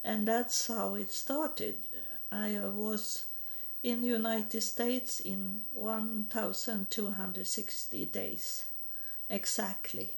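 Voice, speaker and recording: A woman from Sweden speaking English, giving a halting personal religious testimony with repeated words and broken grammar. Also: mid-range voice, steady tone, creaky, darkish tone.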